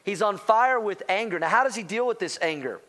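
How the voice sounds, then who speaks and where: A man preaching a sermon as pastor, animated, talking straight to the congregation and calling out to them. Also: sits high, a little fast. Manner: animated, rising to near-shouting excitement; addresses congregation directly as church.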